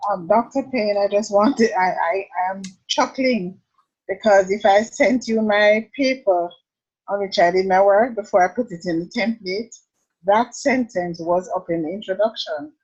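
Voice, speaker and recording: Woman student on a call, kinda husky, stumbles a lot, muffled audio. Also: medium pitch, normal speed, a little mellow. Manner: hesitant, stumbling over words.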